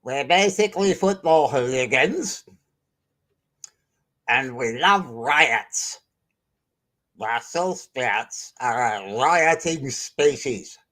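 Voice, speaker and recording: A man's voice: mid-range voice, lively intonation, extremely slow, long pauses, bright, forceful tone, heavily acted. A man voicing a simple-minded, rowdy Brussels sprout, in an improvised comedy bit.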